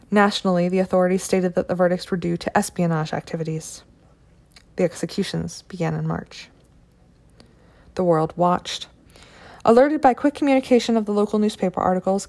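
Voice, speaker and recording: A woman reading a scripted documentary narration in a measured, sober way, including quoted testimony. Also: medium pitch, creaky, a little mellow.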